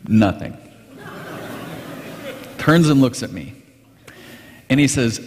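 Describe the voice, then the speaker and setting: A man, a pastor, telling a story in a sermon in an animated, conversational way, heard in a large hall with long reverb. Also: mid-range voice, slow, long pauses.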